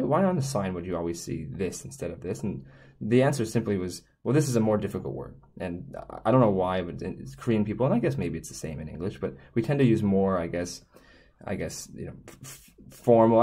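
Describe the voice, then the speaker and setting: Deep mellow-voiced man teaching Korean. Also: expressive, fast. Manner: rambling, self-correcting, frequent restarts and tangents. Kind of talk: casual explanatory lesson.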